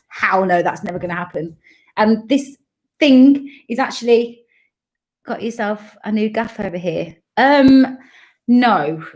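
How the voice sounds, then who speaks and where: Bubbly chatty woman from Coventry. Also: fairly high pitch. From Coventry, England. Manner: chatty, bubbly, laughs often. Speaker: dementia carer and travel vlogger. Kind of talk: casual live-stream chat.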